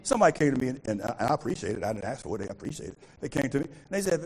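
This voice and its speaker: A rough recording captures a pastor with a mid-range, slightly rough voice preaching rapid-fire with hardly any pauses. His sermon is animated call-and-response, and he repeatedly asks the congregation to supply the missing words.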